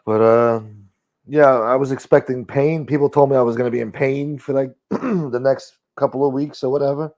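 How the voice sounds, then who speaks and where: A middle-aged live stream host chats casually and crudely while going through viewer comments. He has a medium-pitched, slightly mellow voice, a steady tone, and a moderate pace, heard through dull lo-fi audio.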